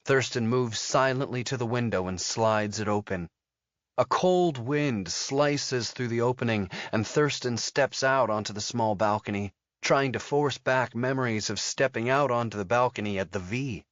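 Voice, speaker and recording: A man narrating a thriller audiobook in a steady, measured storytelling manner. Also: medium pitch, dry recording, lo-fi sound. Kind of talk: scripted narration.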